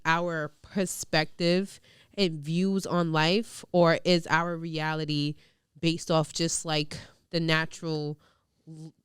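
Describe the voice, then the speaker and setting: A woman's voice: deep voice, clean tone, dry recording, studio quality. A young woman hosting a podcast, chatting frankly and curiously in a casual way, with lots of "like" and "you know". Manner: frank, curious, heavy on filler "like". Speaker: podcast host. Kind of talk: casual chat.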